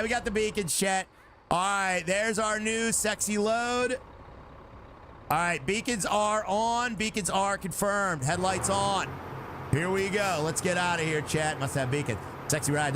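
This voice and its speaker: A man's voice: on the high side, slight background noise. A man streaming a truck driving game, chatting casually with his chat, joking and singing snatches of songs. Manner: animated, joking, breaks into silly snatches of song. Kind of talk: casual gameplay commentary to chat.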